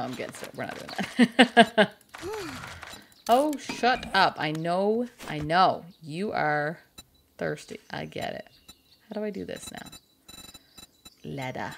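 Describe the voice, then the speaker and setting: A woman's voice: low voice, gravelly, slight background noise. A woman chatting casually and joking crudely with her chat while she streams a game. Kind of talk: casual live-stream commentary.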